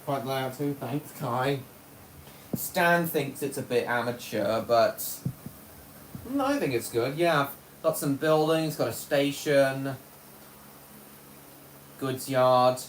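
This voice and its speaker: A man chats loosely on a live stream and thinks out loud, now and then answering viewers. His voice is at an everyday pitch. The room echoes around him, with a faint hum in the background. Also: expressive, slow pace, pauses often. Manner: rambling, chatty, talks to himself and to viewers' comments. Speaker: livestreamer running a model railway. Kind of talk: casual live-stream chat.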